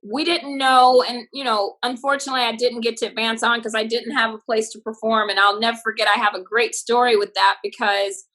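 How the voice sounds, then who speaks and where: Woman comic, interview guest, animated storyteller who acts out voices, bright voice a bit high. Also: a little fast, few pauses, poor audio. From Texas. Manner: lively, acts out voices in her stories. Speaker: comedian guest.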